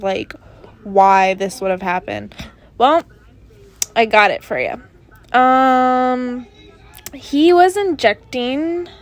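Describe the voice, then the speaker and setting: A young woman hosting a casual solo podcast from her bedroom, rambling through stories with lots of fillers and asides. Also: a little high. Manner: chatty, rambling with many fillers. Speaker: podcast host. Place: bedroom at her parents' home.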